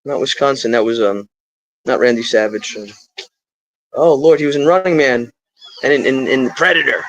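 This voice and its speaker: A man's voice: medium pitch, moderate pace, fairly bright tone, a little hiss or hum, poor audio. A middle-aged man talking to his live stream in a rambling, stream-of-consciousness way, drifting into spiritual asides.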